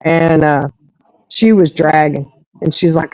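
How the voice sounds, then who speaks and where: A woman's voice: sits low, takes it slowly, no echo. Chatty woman, muffled dry audio. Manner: animated storyteller who acts out others' lines. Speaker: host of a live stream. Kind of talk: casual storytelling chat.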